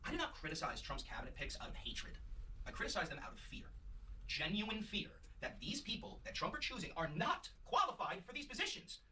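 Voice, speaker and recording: A man's voice: sits high, sing-song, a little fast, sharp tone, far from the mic, a little hiss or hum, poor audio. A man hosting a comedy show, delivering a profane, mocking scripted rant with heavy emphasis.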